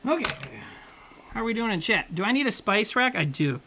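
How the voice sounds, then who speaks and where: A man's voice: sits high, big pitch swings, brisk, bright, forceful tone, low-quality recording. A man chatting casually with his livestream chat while he cooks, rambling and swearing, joking at his own expense. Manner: rambling, profane, self-mocking banter with chat. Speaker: streamer cooking live.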